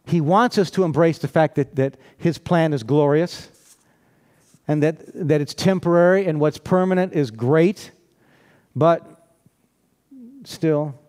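Guy preaching a sermon, kinda high voice, telling stories and tossing out questions to the crowd. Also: a little slow, pauses often, darkish tone. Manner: conversational storytelling, frequent rhetorical questions, laughs often.

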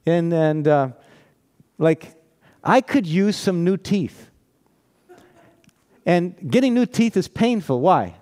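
A man's voice: sits high, lively intonation, takes it slowly, long pauses, a little mellow. A man preaching a sermon in a conversational, storytelling way, often asking rhetorical questions and laughing.

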